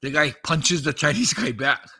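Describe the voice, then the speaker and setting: Fifties guy telling a wild story on a podcast, super bright edgy voice, acts out the quotes, swears a lot. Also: on the high side, normal speed, breathy edge. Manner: animated retelling, acting out quoted dialogue, frequent swearing. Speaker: podcast host recounting a story. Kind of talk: casual storytelling.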